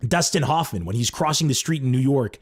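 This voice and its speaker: Male comedian host, casual monologue, swooping expressive voice, acts out quotes. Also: mid-range voice, a little fast. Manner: animated, acts out quoted lines.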